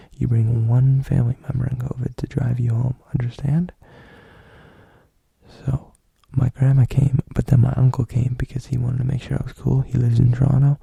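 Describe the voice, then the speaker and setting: Young guy rambling thru a story, super gravelly and husky, swears a lot. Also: medium pitch, mellow, dry recording. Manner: rambling, profane, loose delivery with many fillers. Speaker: podcast host. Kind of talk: casual storytelling.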